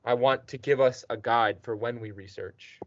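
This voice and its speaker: A man's voice: medium pitch, steady tone, normal speed, a little hiss or hum. A man teaching a student one-on-one, patient and encouraging, checking in with the student often. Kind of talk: one-on-one tutoring session. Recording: dull dry lo-fi recording.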